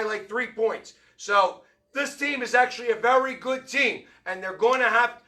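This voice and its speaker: Loud, bright-voiced sports fan host. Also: male voice, high voice, moderate pace. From Philadelphia area. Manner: fired-up, shouting, rambling. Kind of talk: fan commentary rant. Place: tavern.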